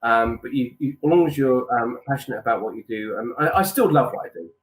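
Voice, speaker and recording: A man's voice: medium pitch, animated, fast talker. A man, guest on a chat show, talking in a rambling, chatty way and calling people "mate". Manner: rambling, chatty, slips into impressions. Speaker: guest impressionist. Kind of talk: casual chat.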